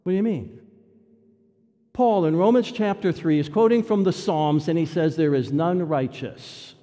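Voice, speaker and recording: A man preaching a sermon in a church, emphatic, repeating key phrases and swinging between loud declarations and hushed asides. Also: a little high, moderate pace. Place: church sanctuary. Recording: long church reverb.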